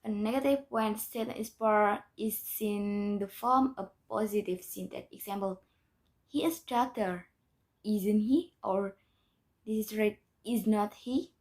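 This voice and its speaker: A woman's voice: medium pitch, measured pace, darkish tone. A young woman, a student, reading a grammar lesson aloud in a careful, methodical way with small restarts. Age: young adult. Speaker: student presenter.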